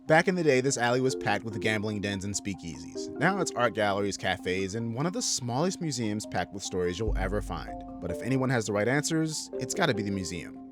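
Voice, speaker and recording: A man's voice: fairly low pitch, big pitch swings, brisk, hardly any pauses, music in the background. A man narrating a travel vlog in a scripted, storytelling voice-over.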